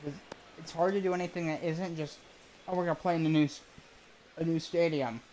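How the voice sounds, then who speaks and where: Man, fairly high voice, casual play-by-play caller for a game stream who rambles and corrects himself, faint background hiss. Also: steady tone, a little fast, a little mellow, low-quality recording. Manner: rambling, self-correcting, chatty. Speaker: streamer calling a baseball video game.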